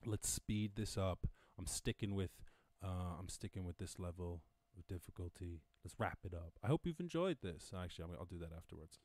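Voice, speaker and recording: A man's voice: deep voice, expressive, a little fast, a little mellow, no room sound. A man with an Irish accent hosting a casual lockdown live stream from home, rambling and joking with plenty of swearing. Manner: profane, jokey, rambling. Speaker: podcast host.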